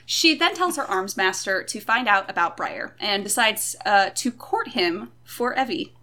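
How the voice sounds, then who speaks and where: A woman's voice: mid-range voice, animated, a little slow, bright, forceful tone. A woman co-hosting a podcast, recapping a book chapter in casual chat with wry, joking asides. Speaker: podcast co-host.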